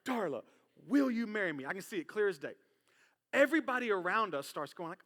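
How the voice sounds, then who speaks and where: A man preaching from a church stage in a high, bright voice. He is animated and acts out the voices of the people in his story. His words ring with a long reverb through the hall. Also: rapid-fire. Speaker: pastor. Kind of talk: sermon with personal storytelling. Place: church sanctuary.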